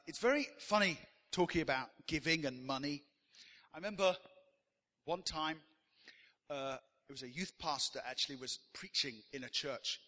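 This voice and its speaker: A man's voice: medium pitch, sharp tone, long reverb tail. A man preaching a sermon as pastor, telling stories in a conversational way with frequent "uh" fillers.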